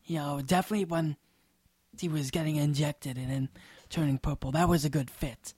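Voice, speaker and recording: A man co-hosting a podcast, chatting casually and asking measured questions. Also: on the high side, fairly even intonation, darkish tone, husky, no echo, clean studio sound. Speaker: podcast co-host. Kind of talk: casual chat.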